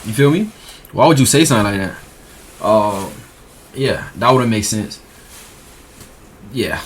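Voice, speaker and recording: A man's voice: on the low side, animated, measured pace. American man, reaction host, chatty and loose, faint background hiss. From United States. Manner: loose, chatty, repeats himself. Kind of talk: casual reaction commentary.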